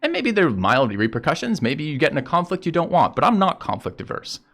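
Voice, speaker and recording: A man's voice: fairly high pitch, big pitch swings, brisk, creaky, a bit bright. A man streaming and telling a story in casual chat with viewers, blunt and profane as he rants about a road dispute.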